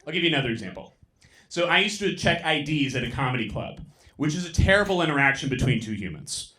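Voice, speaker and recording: A young man doing stand-up on a comedy club stage, talking into a handheld mic and delivering quick, deadpan punchlines. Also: fairly high pitch. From San Francisco. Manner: deadpan, quick punchlines, mock voices for bits.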